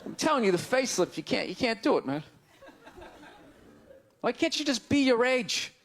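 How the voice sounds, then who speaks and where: A man doing stand-up comedy, ranting loudly and incredulously, shouting his punchlines to an audience on stage with a handheld mic. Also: very high-pitched, sing-song, moderate pace. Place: large comedy venue on stage. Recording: live show with crowd laughter and noise. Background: audience laughing and groaning.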